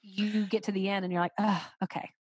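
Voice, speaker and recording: A woman's voice: mid-range voice, level tone, quick pace, dry recording, dull audio. A woman guest on a podcast, talking in an earnest, encouraging way and repeating phrases for emphasis. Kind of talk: casual conversation.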